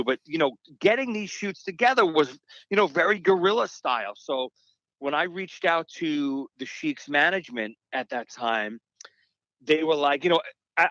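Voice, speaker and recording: A man's voice: medium pitch, a bit bright, no echo. Chatty male podcast guest, dry lo-fi sound. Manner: storytelling, quick asides, frequent restarts. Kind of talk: casual podcast interview. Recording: dull, slightly lo-fi dry sound.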